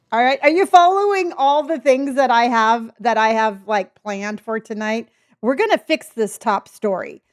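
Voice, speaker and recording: A woman's voice: on the high side, dry recording. An older woman streaming a building game, chatting with her viewers and thinking aloud as she works. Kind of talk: casual live-stream chat while building.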